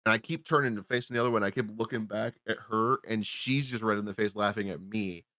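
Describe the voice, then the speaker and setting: Low-voiced swearing podcast man. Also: fast talker, sharp tone, no room sound, studio quality. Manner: rambling, swears freely, acts out his own reactions. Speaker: podcast co-host reviewing a film. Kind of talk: casual profane movie recap.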